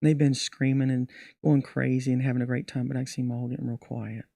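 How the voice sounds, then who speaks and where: A man's voice: medium pitch, quick pace, vocal fry, no room sound, clean studio sound. A middle-aged man, a magician, telling stories from his show in a casual podcast interview. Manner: animated storyteller acting out his show. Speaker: magician guest.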